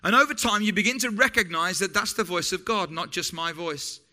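A man's voice: sits high, a little fast, bright, forceful tone. A man preaching a sermon in a chatty, informal way, stumbling over words and breaking off for jokey asides. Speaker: pastor.

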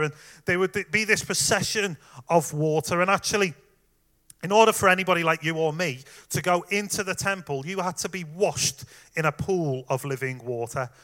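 Male preacher, high bright voice, chatty sermon delivery, addresses the congregation directly. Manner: conversational, warm direct address with fillers.

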